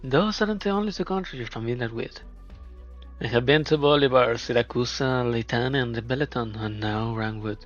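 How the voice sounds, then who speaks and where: A man voicing a shrewd, flamboyant female film producer who talks in a smooth, probing, flattering way. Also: medium pitch, fairly quick, lightly acted. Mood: coaxing. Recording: dull lo-fi, faint music.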